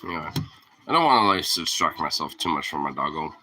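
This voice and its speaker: A man's voice: rumbling low, big pitch swings, fast talker, sharp tone, poor audio. A man ranting casually as a vlogger, rambling and profane, often laughing at his own points. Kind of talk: casual rant to camera.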